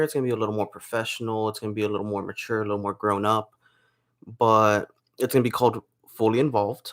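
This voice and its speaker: A young man vlogs from home, chatting casually to camera while feeling unwell with a sore throat. He rambles and restarts, his medium-pitched voice coming across a bit bright.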